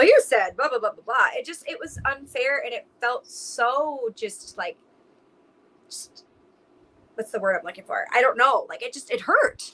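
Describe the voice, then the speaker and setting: A woman's voice: medium pitch, fairly bright tone, rough recording. A young adult woman, a podcast guest, telling her story in casual chat with lots of fillers. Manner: talks emotionally with many "like"s.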